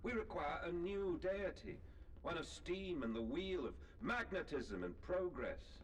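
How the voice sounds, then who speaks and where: A man's voice: on the high side, animated, unhurried, recorded from a distance, poor audio. An actor playing a fanatical male zealot who speaks in a declamatory, contemptuous way, heard as game audio. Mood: scornful.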